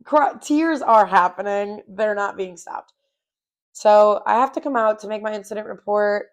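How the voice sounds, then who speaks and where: A woman's voice: medium pitch, moderate pace. A young adult woman hosting a podcast, telling a personal story in a candid, rambling way with self-mocking humor. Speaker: podcast host. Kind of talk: casual personal storytelling monologue.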